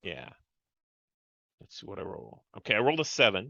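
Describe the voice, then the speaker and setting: A man plays a tabletop game, pausing with fillers as he works out his next move. His tone is very sharp and tense, and the sound is dry, dull and lo-fi. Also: lowish voice, huge pitch swings, vocal fry, no room sound. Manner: hesitant, uh-filled. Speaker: player. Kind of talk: tabletop game play, casual chat.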